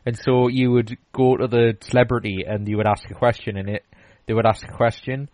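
A man chats casually as a podcast host, wandering through his story with fillers and false starts. His voice sits at a middling pitch. The sound is dry and close. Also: flat delivery, fairly quick, darkish tone, dry recording, poor audio. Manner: rambling, many restarts and fillers. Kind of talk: casual chat.

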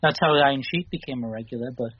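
A man's voice: mid-range voice, rapid-fire. A man co-hosting a casual podcast, telling stories loosely and with hesitation. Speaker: podcast co-host. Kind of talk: casual chat. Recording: dull lo-fi audio with faint noise.

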